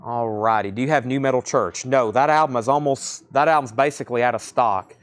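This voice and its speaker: A man with a Southern accent hosting a live record sale, listing titles and repeating prices in quick sales patter. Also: mid-range voice. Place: record shop surrounded by crates.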